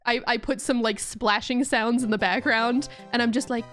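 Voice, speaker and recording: A young woman streams a game, offering casual commentary while giggling and laughing often in a playful way. Her voice is a little high and fairly bright, with fairly even intonation and a moderate pace, over soft background music.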